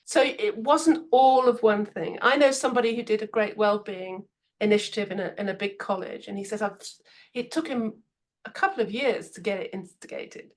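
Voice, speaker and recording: A podcast's guest expert on management, she dispenses advice in a chatty way, weaving in stories and voicing what people said. Lively and quick to laugh, she has a mid-range voice and a moderate pace.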